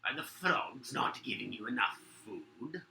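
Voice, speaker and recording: A man voicing scheming male lizardfolk guards who whisper and then shout. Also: medium pitch, big pitch swings, measured pace, vocal fry, heavily acted. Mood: bickering. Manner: swings between hushed whispers and sudden shouts. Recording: roomy echo, faint noise.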